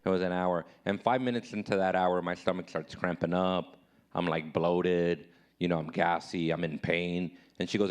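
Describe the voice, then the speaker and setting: A man in his thirties performing a live stand-up comedy set, self-deprecating, jumping high and loud when he acts out his own replies. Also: steady tone, moderate pace, clean tone.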